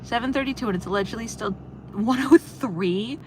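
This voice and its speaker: A woman's voice: a little high, a little fast, darkish tone, a little hiss or hum. A young woman on a livestream, chatting casually, reading chat and telling a long story with frequent laughs. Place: in a car on a road trip.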